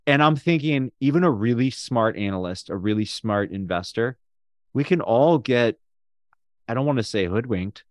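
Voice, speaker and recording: Male podcast host, lively and quick to laugh, mid pitch, dry close mic. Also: dry recording. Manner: animated, pushes back, laughs easily. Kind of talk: casual interview chat.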